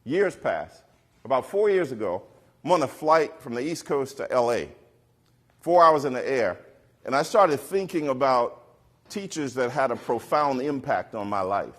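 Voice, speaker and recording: A middle-aged man tells a personal story from a stage, his voice in the middle of the usual male range. His pitch swings widely as he acts out the people he quotes. At times he drops to a whisper. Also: big pitch swings, moderate pace. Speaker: keynote speaker. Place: stage before a live audience.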